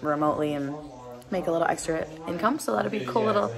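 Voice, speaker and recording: A woman's voice: lowish voice, fast, creaky, a crowd in the background. A young woman vlogger talking casually to her camera, with lots of ums, out on a hiking trail. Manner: chatty, many ums. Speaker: vanlife vlogger. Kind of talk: casual vlog chat.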